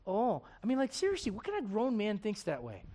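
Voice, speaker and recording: A man's voice: high-pitched, wildly swooping pitch, a little fast, dark tone. A man preaching a sermon in an impassioned, conversational way, firing off rhetorical questions to his listeners.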